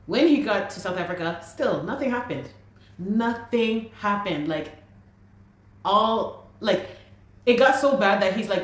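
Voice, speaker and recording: A woman's voice: medium pitch, moderate pace. A young adult woman emphatically telling a personal story as a guest, repeating phrases for emphasis. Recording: very echoey room.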